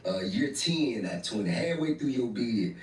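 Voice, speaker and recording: A man hosting a casual interview, reacting with quick, lively remarks and laughter. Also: medium pitch, a little hiss or hum. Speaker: interview host. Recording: echoey room, distant from mic.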